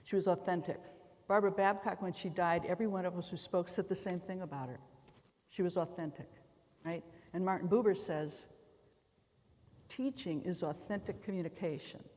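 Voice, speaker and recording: Woman prof on a panel, chatty and folksy, voice ringing around a big reverby hall. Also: lowish voice. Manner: lively, folksy storyteller with quick asides. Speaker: law professor panelist. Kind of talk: panel discussion on stage. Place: large conference hall.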